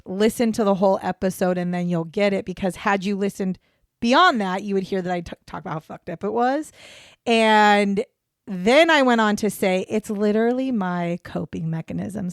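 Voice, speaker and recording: A woman's voice: medium pitch, no echo, clean studio sound. A woman co-hosting a casual true-crime podcast, rambling and self-deprecating, breaking into giggles as she talks. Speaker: podcast co-host.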